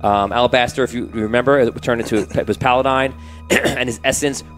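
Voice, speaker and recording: A man's voice: mid-range voice, brisk, a bit bright, soft background music, rough recording. A man narrating as game master of a tabletop game, setting scenes cinematically and rambling with restarts and fillers.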